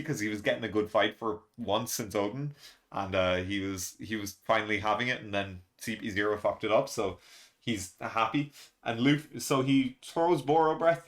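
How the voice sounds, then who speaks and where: A man hosting a casual reaction and review, excitable and rambling, laughing often between fillers. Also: medium pitch. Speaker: manga reaction channel host.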